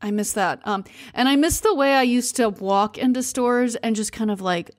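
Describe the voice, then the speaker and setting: A woman's voice: a little high, moderate pace, no echo, clean studio sound. A woman from the United States hosting a podcast, telling stories in a chatty, rambling way with fillers and self-corrections. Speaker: podcast host. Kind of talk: casual storytelling monologue.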